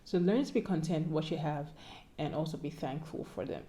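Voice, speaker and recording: A woman's voice: deep voice, animated, fairly quick, mellow. A young Ghanaian woman vlogging casual advice in a playful, pleading way that sometimes sounds like a sermon.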